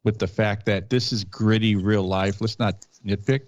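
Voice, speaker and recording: A man who is a police officer, telling stories in a casual podcast chat, blunt and animated, acting out what people said. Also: on the low side, moderate pace, dry recording. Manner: blunt, animated storyteller who acts out quotes.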